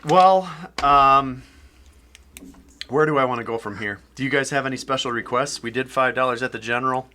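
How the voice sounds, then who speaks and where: A man hosting a casual podcast from a home basement, excitable and quick to laugh. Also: mid-range voice, slight background noise. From Wisconsin. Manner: excitable, laughs often, talks with mouth full. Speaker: podcast host. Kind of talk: casual chat.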